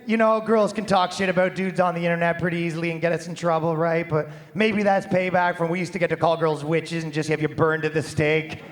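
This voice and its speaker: A man's voice: on the high side, level tone, a little fast, few pauses. A man doing a stand-up comedy set on a live stage, brash, crude and conversational, into a handheld microphone.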